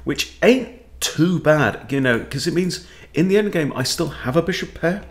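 A man's voice: fairly high pitch, animated, normal speed. A man who coaches chess, thinking aloud as he plays and talking to himself with wry asides. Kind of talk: thinking-aloud game commentary.

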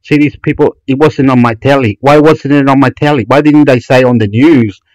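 A man's voice: mid-range voice, steady tone, fairly quick, a little mellow, dry recording, low-quality recording. A man from Chile, a channel host who rambles through websites in a profane, rambling commentary full of restarts and swearing. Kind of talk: ranting commentary while browsing websites.

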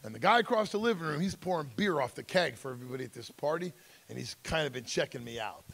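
A man's voice: fairly high pitch, lively intonation, fast talker, vocal fry, a bit bright. A middle-aged man speaking at a school drug seminar, telling his life story with intensity and acting out the voices of people in it. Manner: acts out quoted voices, emphatic, intense. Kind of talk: personal storytelling talk.

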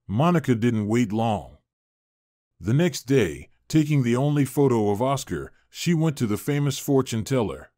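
A man narrating a dramatic story in a scripted, expressive reading. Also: medium pitch, dry recording, studio quality.

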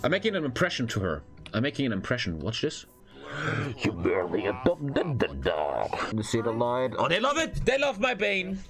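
A young man streaming a life-simulation game and giving loud, crude commentary to his chat, swinging from shouts to low mumbled asides. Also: huge pitch swings, normal speed. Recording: game music underneath.

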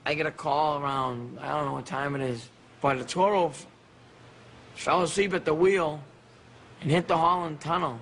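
A former boxer from Massachusetts telling stories in a casual, halting interview. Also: male voice, a little high, vocal fry, a bit bright, a little hiss or hum. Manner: casual storytelling, halting restarts. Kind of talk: interview recollection. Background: music.

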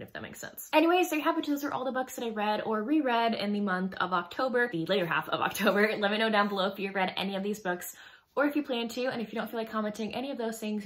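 A chatty woman reviews books in a relaxed, casual way. Her voice sits in an ordinary middle pitch, and she laughs easily and leans on lots of "like" fillers. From Texas. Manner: chatty and giggly, full of "like" fillers. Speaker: book reviewer. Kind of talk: casual chat.

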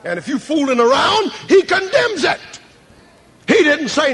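A man pastor preaching an evangelistic sermon dramatically, swinging from soft tones to shouting, recorded on cassette in a large hall. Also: very high-pitched, big pitch swings, unhurried.

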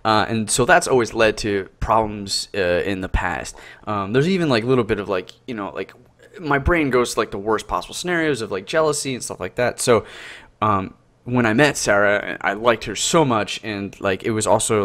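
Man, lowish voice, thoughtful podcast chat, pauses to find words. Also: fairly bright tone. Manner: reflective, searching for words. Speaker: podcast co-host. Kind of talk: casual chat over a call. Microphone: voice call.

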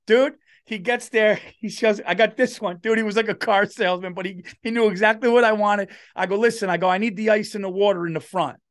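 A man's voice: high voice, steady tone, brisk, few pauses. A middle-aged man, a comedian telling a story on a podcast and doing the voices of the people in it. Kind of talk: casual storytelling chat.

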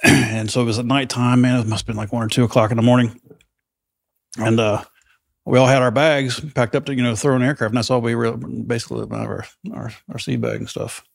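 Middle-aged male host, lively raconteur, mid-pitched, dry close mic. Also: brisk, gravelly, dry recording. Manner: animated, acts out quoted voices loudly. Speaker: podcast host. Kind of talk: casual storytelling chat.

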